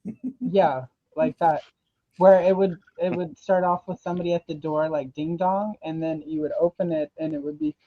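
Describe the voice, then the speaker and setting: A woman's voice: low voice, fairly even intonation, moderate pace, dry recording. A woman co-hosting a live stream in casual chat, playful and wisecracking. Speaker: co-host. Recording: muffled lo-fi call audio.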